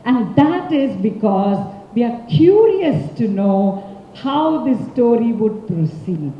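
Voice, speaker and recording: A woman storyteller with an Indian English accent. Her high voice swings widely as she leads an audience through a tale at an unhurried pace. It sounds distant and echoey in a large conference hall, with dull sound. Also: a little hiss or hum. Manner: animated and expressive, prompts the audience for answers. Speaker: professional storyteller, speaker. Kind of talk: interactive oral storytelling talk.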